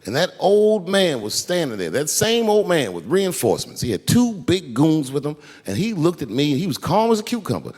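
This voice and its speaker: A man doing stand-up storytelling before a live audience, animated and profane, acting out the people in his story. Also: fairly high pitch, normal speed, hardly any pauses, long reverb tail. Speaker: stand-up comedian. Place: large theater stage before a live audience.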